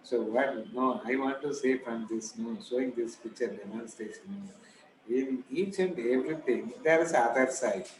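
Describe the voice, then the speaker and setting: Indian-accented man, lively lecturer acting out anecdotes, roomy noisy recording. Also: medium pitch, moderate pace. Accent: Indian English. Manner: animated storytelling, acts out quoted voices. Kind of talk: informal lecture on stress and self-talk. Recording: echoey room, noisy background.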